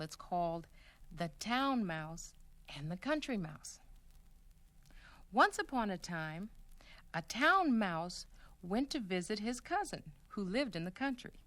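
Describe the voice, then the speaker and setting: Brief: female children's storyteller, animated, dry close sound. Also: mid-range voice, no echo. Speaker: children's show host.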